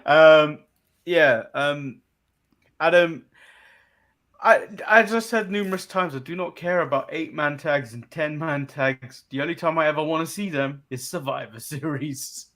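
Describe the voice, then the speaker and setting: A man's voice: fairly high pitch, a little slow, fairly bright tone. A man from England co-hosting a casual wrestling recap show, dry and dismissive as he recaps. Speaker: podcast co-host.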